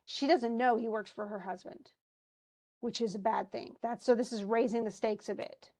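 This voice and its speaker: A woman's voice: fairly high pitch, steady tone, normal speed, dark tone. A woman teaching a play, reading passages aloud and stopping in a casual, conversational way to explain what the characters mean. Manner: conversational, stops to explain lines. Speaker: literature teacher.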